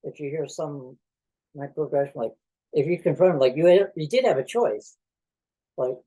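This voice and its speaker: A man, a mental health professional, talking haltingly and defensively in a tense conversation, often trailing off. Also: fairly high pitch, warm tone, rough recording.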